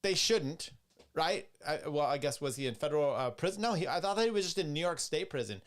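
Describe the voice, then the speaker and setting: A man's voice: a little high, animated, brisk. A young man hosting a podcast, rambling and sarcastic as he comments on clips, with frequent restarts and asides. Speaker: podcast host. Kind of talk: casual commentary.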